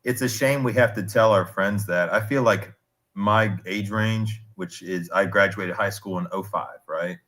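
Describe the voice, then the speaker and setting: A man's voice: on the low side, a little slow, a bit bright. A man in his thirties chatting casually on a stream, telling rambling, digressive stories with restarts. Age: 30s.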